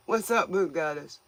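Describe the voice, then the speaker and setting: A woman's voice: lowish voice, fairly bright tone, no echo. A woman hosting a tarot livestream, chatting casually with viewers in a folksy, joking way, often laughing and playfully scolding them.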